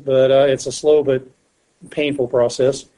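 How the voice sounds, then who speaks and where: A man's voice: mid-range voice, flat delivery, a little slow, warm tone, poor audio. A man chatting on a podcast panel, talking in a rambling, hesitant way with many restarts. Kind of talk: casual chat.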